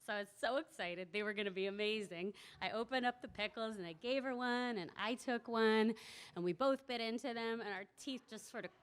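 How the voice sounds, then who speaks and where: A young woman with a slightly high voice tells a personal story on stage at a community event. She talks easily and warmly, breaking into laughter and acting out the voices she quotes. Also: fairly quick, smooth.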